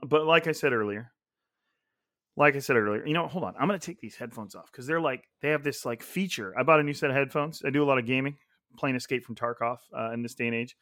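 A man's voice: medium pitch, a bit bright, no echo, studio quality. A man hosting a casual solo sports podcast, rambling and thinking aloud with frequent restarts and asides. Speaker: podcast host. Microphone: gaming headset.

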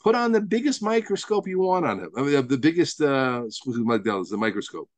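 A man's voice: medium pitch, big pitch swings, moderate pace, dry recording. A rabbi giving a Torah lesson to a study group, emphatic and repeating words as he builds each point, with Hebrew and Yiddish terms mixed into his teaching.

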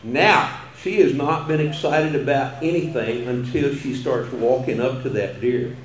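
A man's voice: medium pitch, unhurried. An older man with a Texan accent, giving a humorous after-dinner speech with folksy, chuckling storytelling. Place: banquet hall. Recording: echoey banquet hall.

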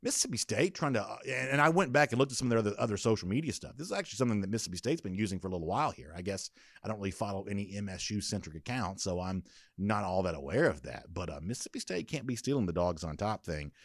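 A man's voice: on the low side, animated, racing, dry recording, studio quality. A man hosting a sports podcast, giving opinionated, conversational commentary with frequent fillers and restarts.

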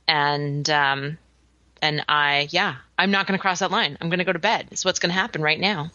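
A woman's voice: deep voice, moderate pace, pushed and bright, dry recording, lo-fi sound. A woman in her thirties from Canada with a light Canadian accent, co-hosting a podcast in casual, laughing chat with frequent restarts. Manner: chatty, laughs often, many restarts. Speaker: podcast co-host.

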